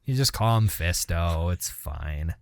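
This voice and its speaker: Low smooth-voiced podcast co-host, rambling. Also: male voice, animated, takes it slowly, dry recording, studio quality. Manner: rambling, profane, laughs at his own stories. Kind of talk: casual chat.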